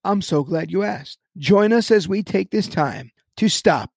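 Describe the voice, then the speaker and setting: A man's voice: high-pitched, animated, measured pace, vocal fry, dry recording, studio quality. A man hosting a Christian podcast, talking with an emphatic, preacherly cadence. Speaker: podcast host. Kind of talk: podcast chat on Christian topics.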